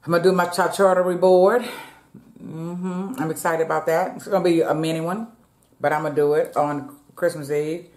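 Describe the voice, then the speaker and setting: In an echoey room at home, a chatty mukbang vlogger eats between sentences and calls her viewers "y'all." Her voice is low-pitched, steady, brisk, and a little mellow.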